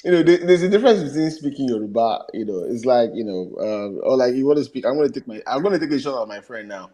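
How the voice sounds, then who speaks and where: A man's voice: mid-range voice, expressive, fast, dark tone. A man chatting casually, giggling and stumbling over his words. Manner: giggly, hesitant, restarting. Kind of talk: casual chat.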